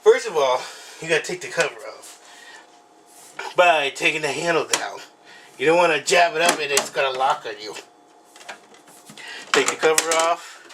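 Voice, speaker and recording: A man hosting a casual unboxing vlog at home, talking in a rambling, halting way with many fillers and apologies, recorded on the camera mic. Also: a little high, background noise. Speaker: video host.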